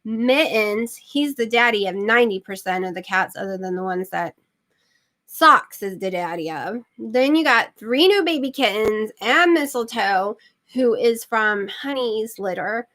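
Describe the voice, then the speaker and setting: A woman's voice: fairly high pitch, animated, a little slow, a bit bright. A middle-aged woman hosting her channel, chatting casually and rambling with lots of fillers. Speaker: channel host. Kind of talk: casual livestream chat.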